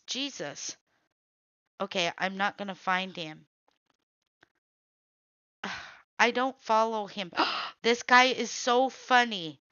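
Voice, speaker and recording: A woman's voice: medium pitch, sharp tone, no echo, muffled recording. A woman hosting, giving blunt, reactive running commentary as she scrolls through videos. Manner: blunt, reactive, quick to say nope. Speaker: host.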